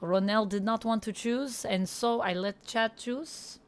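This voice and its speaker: Woman doing a put-on French Canadian accent, hammy man, slow delivery, smooth tone. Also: fairly high pitch, natural voice. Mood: playful. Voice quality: halting, drawn-out, heavy on French words. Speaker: streamer. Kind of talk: livestream chat in a put-on accent.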